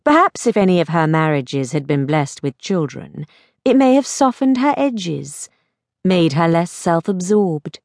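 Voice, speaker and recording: Expressive woman audiobook narrator. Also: lowish voice, no room sound, studio quality. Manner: measured, expressive storytelling.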